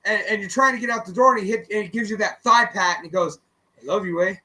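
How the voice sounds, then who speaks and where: A man co-hosting a radio show, chatting casually and telling animated, profane stories while acting out the people in them. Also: high voice, fast talker, poor audio. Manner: animated, profane, acts out quoted voices. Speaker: co-host and musician. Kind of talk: casual radio chat, storytelling.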